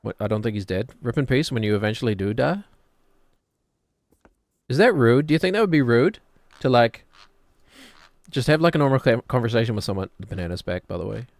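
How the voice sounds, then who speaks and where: A man's voice: mid-range voice, sing-song, fairly quick, pauses often, no room sound, studio quality. A man, streaming a game and chattering casually, rambling and joking as he plays. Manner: rambling, jokey, drifts into put-on British voices.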